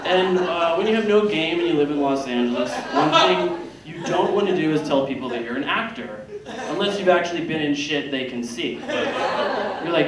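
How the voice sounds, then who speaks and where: A man's voice: on the high side, expressive, normal speed. A man in his thirties doing a self-deprecating stand-up set on a theater stage, acting out other people's lines as he goes. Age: 30s. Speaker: stand-up comedian. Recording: echoey room from far off, loud noise.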